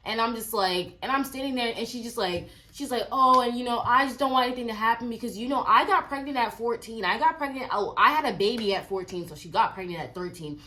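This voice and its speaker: A woman in her twenties telling a casual storytime, chatty and animated, with lots of filler likes. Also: fairly high pitch, fast, few pauses. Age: 20s. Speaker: vlogger.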